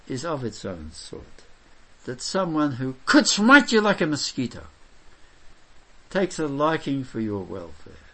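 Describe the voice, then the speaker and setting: A man preaching a sermon, reading scripture aloud and expounding it, swinging between loud exclamations and quiet asides. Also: medium pitch.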